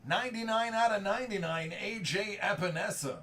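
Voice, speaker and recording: A man hosting a live sports card break, reading out cards and serial numbers and erupting into hype shouts. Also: high-pitched, brisk.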